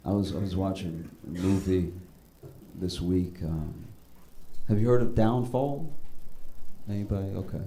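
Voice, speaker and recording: Guy doing stand-up, kinda low voice, chatty stories that blow up into excited rants. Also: a little slow, a little hiss or hum. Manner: conversational storytelling, bursting into animated high-pitched rants. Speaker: stand-up comedian. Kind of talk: stand-up comedy. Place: comedy stage.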